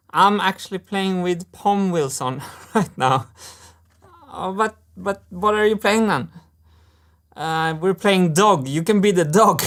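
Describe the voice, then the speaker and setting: A man's voice: high-pitched, a bit bright, voice pushed up. A man voicing small talking machine parts that play together like children, giggly and bickering.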